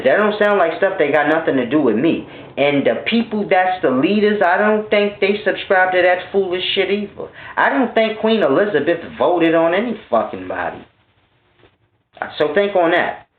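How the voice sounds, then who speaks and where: A man's voice: a little high, big pitch swings, measured pace. A man in his thirties delivering a blunt, scornful, profane monologue rant to his viewers. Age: 30s. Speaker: vlogger. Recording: tinny, phone-like and roomy.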